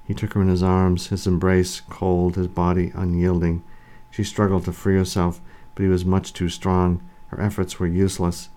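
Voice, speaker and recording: A man narrating an audiobook in a measured, even way. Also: low-pitched.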